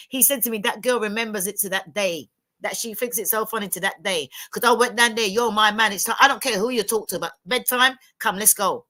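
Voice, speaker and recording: A woman's voice: medium pitch, fairly quick, bright, forceful tone. A woman, telling blunt, emphatic stories as a guest on a livestream panel. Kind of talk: candid livestream chat.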